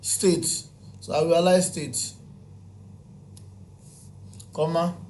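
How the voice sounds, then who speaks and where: Man, tutorial narration, slow, fairly high voice, counts aloud, repeats himself, faint background hiss. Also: fairly even intonation, a little mellow. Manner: counts aloud item by item, repeats points and asks himself questions. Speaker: spreadsheet tutor. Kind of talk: screen-recorded software tutorial.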